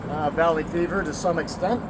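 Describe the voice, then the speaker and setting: High-voiced man rambling candidly. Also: steady tone, a little fast, heavy background noise. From American Southwest. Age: 40s or older. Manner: candid, profane, laughs often. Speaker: vlogger. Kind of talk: rambling personal monologue.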